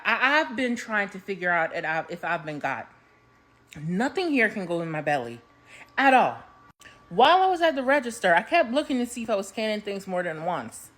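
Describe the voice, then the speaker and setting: A woman telling a story in a casual vlog at home, animated and comic, swearing freely. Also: medium pitch, normal speed.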